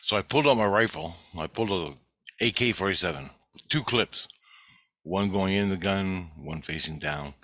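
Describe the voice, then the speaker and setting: A man's voice: low-pitched, lively intonation, normal speed, a bit bright, no room sound. A man telling a dream story in a rambling, profane way, acting out the other people's voices. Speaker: vlogger.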